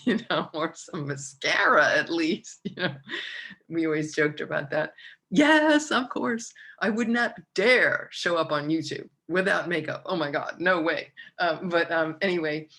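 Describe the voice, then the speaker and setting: A woman's voice: low voice, unhurried, sharp tone. A middle-aged woman hosting a casual astrology talk, chatty and rambling, with many fillers and restarts, at times close to tears. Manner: emotional, near tears when speaking of her mother. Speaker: astrologer host.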